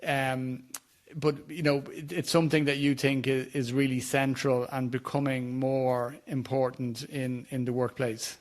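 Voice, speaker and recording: A man's voice: mid-range voice, level tone, a little slow. A man hosting a podcast interview, speaking steadily and using fillers as he talks. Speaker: podcast host.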